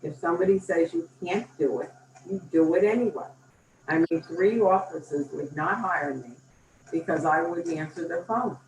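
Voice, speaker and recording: A woman's voice: fairly low pitch, normal speed, darkish tone. Older woman, company founder, chatty enthusiastic storyteller, roomy echo, faint background hum. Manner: enthusiastic, chatty, acts out quotes. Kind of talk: animated storytelling in conversation. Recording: roomy, distant mic, faint ambience.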